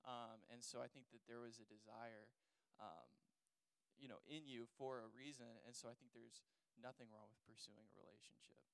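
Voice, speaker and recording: A man's voice: mid-range voice, steady tone, moderate pace, gravelly, fairly bright tone, clear, resonant tone, poor audio. A young man on a church panel, talking casually about faith and dating with plenty of "like" and "you know". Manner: rambling, many fillers like "like" and "you know".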